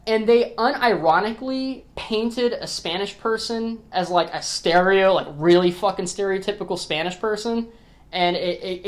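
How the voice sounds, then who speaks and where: Blunt, rambling man reviewing a film. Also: sits high. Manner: blunt and profane, full of "like" and "you know what I mean"; restarts and repeats words often. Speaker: film reviewer on his own channel. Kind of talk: casual opinion rant to camera.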